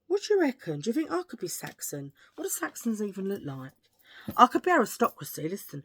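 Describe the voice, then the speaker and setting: A woman's voice: mid-range voice, huge pitch swings, fast talker, a bit bright. Chatty, joking British woman vlogger. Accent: British English. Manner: chatty, jokey, rambling, self-mocking. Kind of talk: casual haul chat to camera.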